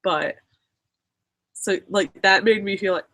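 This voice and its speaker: A woman's voice: medium pitch, slow pace, sharp tone. A young woman from Maryland chatting casually with a friend, rambling and filling her talk with "like". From Maryland, USA. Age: young adult. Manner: chatty, rambling, fills speech with "like", laughs often. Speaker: guest friend. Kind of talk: casual chat. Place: home in Pennsylvania.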